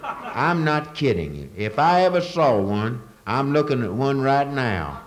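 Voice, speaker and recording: A man doing a loud drawling Southern local. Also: sing-song. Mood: boastful. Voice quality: slow, loud, drawling, high voice. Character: proud drawling Georgia local man, blustery. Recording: live audience crowd noise.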